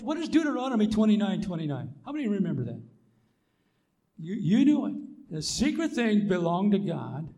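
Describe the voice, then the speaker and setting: Man preaching, high voice, emphatic repetitions, loud swells and soft asides. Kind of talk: sermon.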